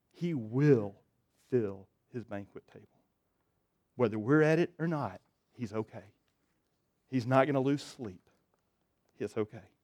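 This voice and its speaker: This man is preaching as a pastor. His delivery shifts back and forth from forceful, loud emphasis to quiet, low, intimate moments.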